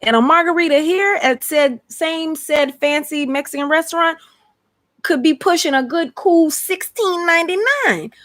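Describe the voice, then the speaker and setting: A woman's voice: high-pitched, normal speed. A woman with a Georgia accent hosting a casual live stream, chatty and slangy. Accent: Georgia, US South. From Atlanta, USA. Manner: chatty, lively, slangy, exclamatory. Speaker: host.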